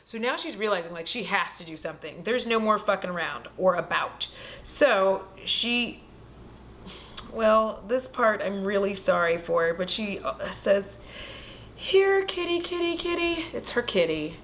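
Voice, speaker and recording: A woman hosting a casual vlog, retelling a film in an animated, profane storytelling way. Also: mid-range voice, a little slow, a little hiss or hum. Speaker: host. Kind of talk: casual movie recap vlog.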